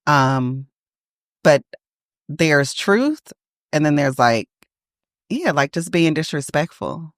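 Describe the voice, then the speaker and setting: A woman co-hosting a podcast in casual chat, emphatic and quick to laugh. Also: sits low, expressive, dry recording, studio quality. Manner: chatty, laughs often, emphatic. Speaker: podcast co-host.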